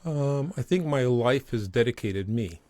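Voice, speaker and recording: A man's voice: a little slow, dry recording. A middle-aged man from Montreal, a guest telling stories in easygoing conversation and acting out the people he quotes. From Montreal, Canada. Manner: animated, acts out quoted voices in a higher pitch. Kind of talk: conversational storytelling.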